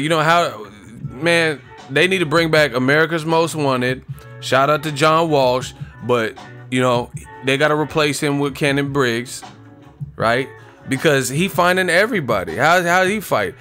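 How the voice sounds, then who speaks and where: A man's voice: a little high, moderate pace, bright, forceful tone, faint music behind. A young man hosting a boxing livestream, rambling and joking in casual, profane chat.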